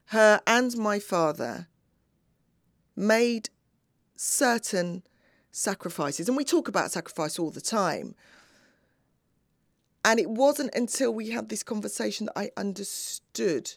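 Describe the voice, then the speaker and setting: Sex: woman. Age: middle-aged. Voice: gravelly. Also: fairly low pitch, dry recording, clean studio sound. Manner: earnest, acts out remembered dialogue. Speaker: speaker. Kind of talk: personal storytelling talk.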